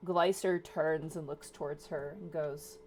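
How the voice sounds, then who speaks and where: A woman narrating a tabletop role-playing game as dungeon master, in a soft, unhurried way. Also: deep voice, steady tone, slight background noise.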